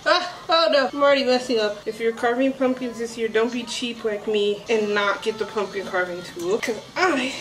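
Spooky music plays beneath a woman's rough, distant recording as she chats to camera, talking excitedly and directly to her viewers. Her voice sits on the high side with lively intonation, brisk and hardly pausing.

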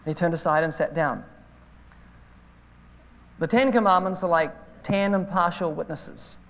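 Brief: male evangelist, high voice, storytelling sermon, hall echo from an old tape. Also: a little slow. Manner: storytelling, animated retelling of phone calls. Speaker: evangelist preacher. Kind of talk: sermon with anecdotes. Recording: hall reverb from an old videotape.

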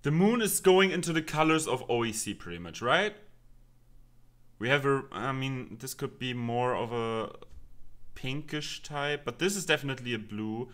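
A man hosting a reaction video, commenting with quick exclamations and laughs. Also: mid-range voice, animated, a bit bright.

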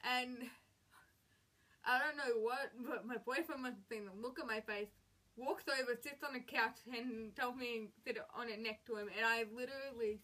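A woman's voice: a little high, a bit bright. A woman in her late teens telling a frustrated storytime rant about school, with an emphatic, exasperated way of retelling what happened. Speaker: vlogger.

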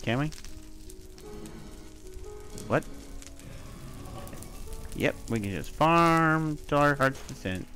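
A man giving loose let's-play commentary into his own mic, chatty and quick to curse. He talks straight to the creatures on screen. Faint game music plays behind him. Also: fairly high pitch, expressive, sharp tone. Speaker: gameplay commentator.

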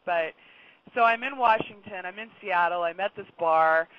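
A middle-aged woman, a regular guest on a radio talk show, telling a long story in a chatty, lively way and laughing often. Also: on the low side, moderate pace. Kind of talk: casual radio chat. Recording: dull lo-fi sound, faint noise.

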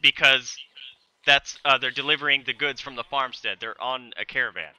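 A man's voice: medium pitch, normal speed, pushed and bright, clear, resonant tone, lo-fi sound. A young man narrating as game master, describing scenes and quoting characters in a casual way. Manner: casual, laughing, describes and quotes characters plainly.

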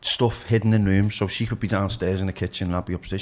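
A man's voice: sits low, steady tone, fast. A man with a Liverpool accent, a DJ telling frank stories as a podcast guest, swearing freely and restarting his sentences. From Liverpool, England. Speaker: DJ and radio presenter, podcast guest. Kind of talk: candid storytelling in conversation.

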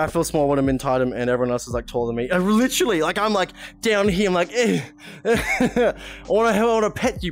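A streamer chatting casually during a VR game, giggling a lot and swearing often, speaking into a headset mic. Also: mid-range voice. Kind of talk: casual live-stream chat while playing a VR game.

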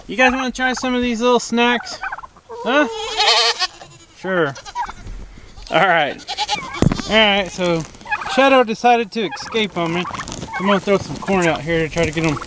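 Farm vlogger, man, fairly high voice, relaxed chatty delivery; recorded on a camera left nearby, farmyard noise behind. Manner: easygoing, chatty, calls to animals. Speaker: farm channel host. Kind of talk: casual farm vlog talking to viewers. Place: farm shop and goat pen, partly outdoors. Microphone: camera set down nearby, he moves around it. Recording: noisy farmyard with animals in the background.

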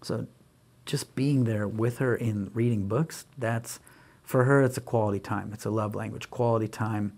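A man's voice: fairly low pitch, moderate pace, vocal fry. A man who is a guest on an interview podcast, talking with energy and acting out bits of dialogue as he tells stories about his kids. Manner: animated storyteller who acts out dialogue in voices; energetic, emphatic, with frequent restarts. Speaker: guest speaker and author.

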